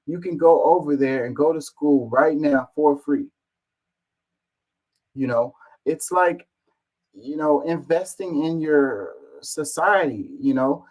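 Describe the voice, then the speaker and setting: A man's voice: a little high, a little mellow, rough recording. A man reading online comments aloud and answering them in an exasperated, casual rant, swearing and firing off rhetorical questions.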